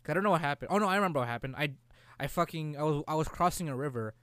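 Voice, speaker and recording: A young man in casual, profane chat about a video game, rambling and breaking into quick character voices. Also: fairly high pitch, lively intonation, fairly bright tone, clean tone, dry recording.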